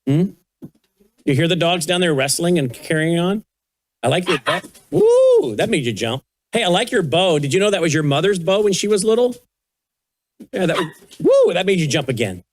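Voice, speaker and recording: An older man, the host, gently coaxing and baby-talking with a small child at a studio news desk. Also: a little high, animated, normal speed, pauses often. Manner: soft coaxing baby talk. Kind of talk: casual chat with a toddler on air.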